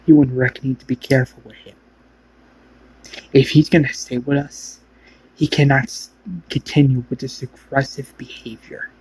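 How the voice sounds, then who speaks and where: A man's voice: mid-range voice, flat delivery, moderate pace, pauses often, breathy edge, poor audio. A man doing a worried woman survivor. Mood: earnest. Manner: earnest, cautionary. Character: worried young woman survivor warning friend.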